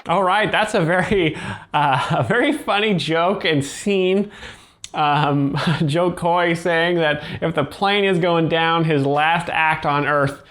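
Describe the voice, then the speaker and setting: A man hosting a commentary channel, delivering mock-serious, deadpan sarcasm with frequent ums. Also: fairly high pitch, takes it slowly. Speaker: host of a comedy commentary channel.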